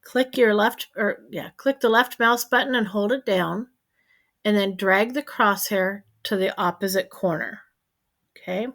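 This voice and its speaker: A woman's voice: mid-range voice, a little slow, fairly bright tone. Chatty woman giving step-by-step craft instructions. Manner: chatty, checks in with "okay?". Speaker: crafting tutorial host. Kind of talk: screen-share tutorial.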